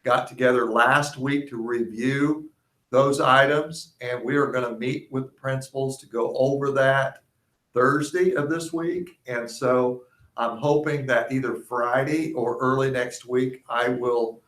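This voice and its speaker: A man giving a superintendent's report at a school board meeting, speaking haltingly with frequent fillers. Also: mid-range voice, fairly even intonation, fairly bright tone. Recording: echoey meeting room.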